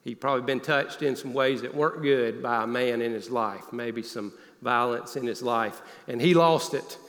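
A man preaching a sermon, telling a personal story in an earnest voice that often drops low and quiet. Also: fairly even intonation, moderate pace. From Northeast Alabama. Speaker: pastor. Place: church sanctuary. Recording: long hall reverb.

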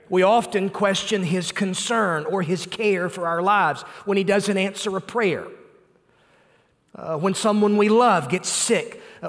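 A man delivers a sermon in a fairly high voice, earnest and emphatic, stacking repeated phrases and pausing on "uh". His words ring out with the long reverb of a large church hall. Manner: earnest preaching with emphatic repetition and frequent "uh" fillers. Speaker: pastor.

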